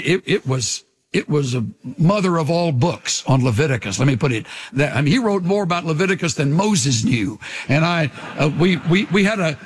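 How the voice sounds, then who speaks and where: A man preaching a sermon in an earnest way, slowing down to linger on key phrases and dropping to a hush at times. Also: on the high side. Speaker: pastor.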